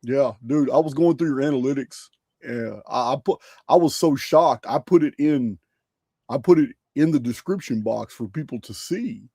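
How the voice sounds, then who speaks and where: Excitable man hosting a livestream, dark tone. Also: medium pitch, normal speed, slightly rough, dry recording, studio quality. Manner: excitable, stumbles and repeats words. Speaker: livestream host. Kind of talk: casual livestream chat.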